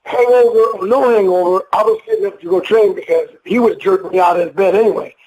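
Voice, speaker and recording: In a casual interview with poor audio, a retired wrestler, an older man, tells rambling, emotional and profane stories, acting out the voices. His voice is high, fast, a little mellow and husky.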